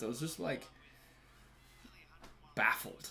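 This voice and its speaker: A man's voice: lowish voice, wildly swooping pitch, moderate pace, long pauses, pushed and bright. An Australian man hosting a live stream, chatting casually while watching a match, laughing often and answering viewers' comments. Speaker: livestream host.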